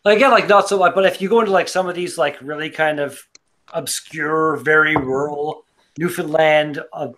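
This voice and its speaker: Chatty man with a bright voice. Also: on the high side, normal speed. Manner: rambling, filler-heavy. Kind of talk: casual chat.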